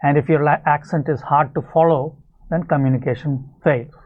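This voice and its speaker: A man teaching an English video lesson, explaining clearly and speaking straight to his viewers. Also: fairly high pitch, fairly even intonation, moderate pace. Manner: explanatory, addresses viewers directly. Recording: tinny phone-like sound.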